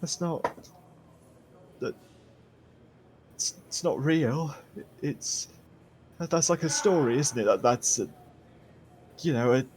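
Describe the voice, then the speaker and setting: A man's voice: mid-range voice, steady tone, takes it slowly, a little hiss or hum, lightly acted. A man voicing a terrified captured male prisoner who stammers and pleads. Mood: frightened.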